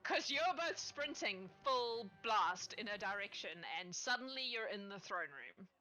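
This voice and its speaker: Lively, bright-voiced woman game master. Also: mid-range voice, measured pace, faint music behind. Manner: playful, laughs often. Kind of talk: narrating a tabletop game.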